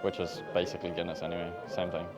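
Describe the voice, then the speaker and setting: A man's voice: deep voice, level tone, quick pace, over music. A young Irish man with an Irish accent, chatting casually and joking to camera as he walks the streets and sits in a pub. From Ireland. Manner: joking, chatty, lots of filler "like". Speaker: travel vlogger.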